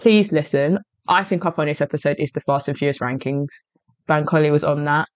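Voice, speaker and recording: A woman's voice: low voice, fairly quick, no echo. A woman hosting a podcast in casual chat, brash and teasing, laughing often. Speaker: podcast host.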